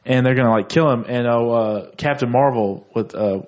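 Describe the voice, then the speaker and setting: A man's voice: mid-range voice, normal speed, darkish tone, lo-fi sound. A man co-hosting a podcast, laughing often and retelling memes and clips in casual crude banter, full of fillers. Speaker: podcast co-host.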